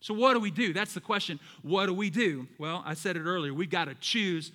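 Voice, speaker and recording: Bright-voiced pastor preaching. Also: male voice, high-pitched, a little fast, big-room sound. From American South. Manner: emphatic preaching, calls out to the congregation. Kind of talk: sermon.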